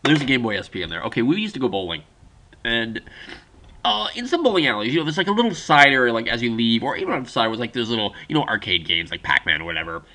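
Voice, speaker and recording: A young man rambles through stories in a casual vlog monologue, stopping and restarting often. His pitch rises and falls in lively swings, and his voice has a bright, forward edge. He speaks at a middling pitch for a man. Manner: rambling, halting storytelling. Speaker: vlogger.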